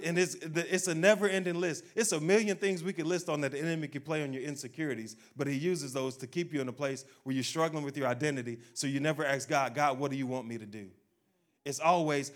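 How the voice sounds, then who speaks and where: A man preaching a sermon, speaking directly to his congregation and acting out people's doubts in a low, quiet voice. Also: fast talker. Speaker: pastor.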